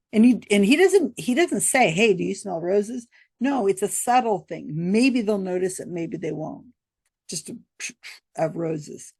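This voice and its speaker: A woman's voice: fairly low pitch, gravelly, mellow, slightly rough, dry recording. An American woman hosting, telling a story to camera in a chatty, rambling way and laughing often.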